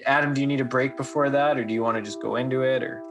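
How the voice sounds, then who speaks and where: A man's voice: mid-range voice, steady tone, racing. A man hosting a podcast, talking casually and then doing a dry, tongue-in-cheek mock sponsor read. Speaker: podcast host.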